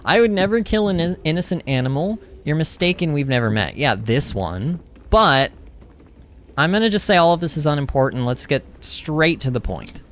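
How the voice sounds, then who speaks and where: Animated young man commentating gameplay. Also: on the high side, moderate pace, a little hiss or hum. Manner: animated, exclaiming, thinking aloud. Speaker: gaming streamer.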